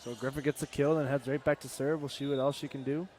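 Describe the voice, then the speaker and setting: A young man offering relaxed, analytical color commentary on a high school volleyball match. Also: fast. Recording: faint gym noise behind.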